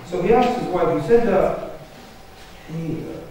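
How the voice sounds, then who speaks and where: A man's voice: sits high, a little slow, mellow, a little hiss or hum. Joking male lecturer in an echoey hall. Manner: joking, conversational, addresses audience directly. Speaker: conference speaker. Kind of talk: humorous religious lecture. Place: large conference hall. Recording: echoey hall, picked up from far off.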